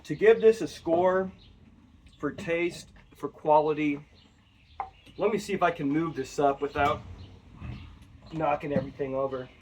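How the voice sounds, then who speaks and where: A man's voice: a little high, a little slow, pauses often, a little mellow, a little hiss or hum. Rambling man reviewing whiskey. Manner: rambling, chatty, addresses viewers directly. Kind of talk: casual review vlog. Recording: voice a bit far from the mic.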